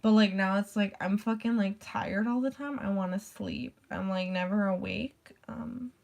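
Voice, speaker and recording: Vocal fry colors her mid-range, slightly mellow voice as she speaks at a normal speed. In this casual vlog chat she rambles, filling gaps with "like" and casual swearing.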